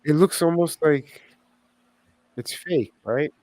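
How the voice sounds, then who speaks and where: A man's voice: a little high, slow, darkish tone, no echo. A man co-hosting a podcast, chatting casually and reacting to clips in a laid-back way with mumbled asides. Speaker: podcast co-host.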